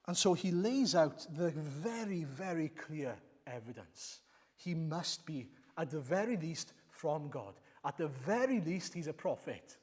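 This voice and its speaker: Male preacher, fairly high voice, emphatic sermon delivery, long church reverb. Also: expressive, unhurried, breathy edge. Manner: emphatic, rhetorical questions, repeats lines.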